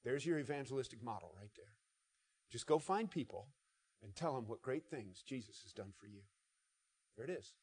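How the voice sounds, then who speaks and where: A man's voice: mid-range voice, animated, darkish tone, breathy edge. A man preaching a sermon, reading scripture aloud with swelling intensity and breaking into conversational asides to the congregation. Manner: reads scripture aloud with rising intensity, slowing for emphasis.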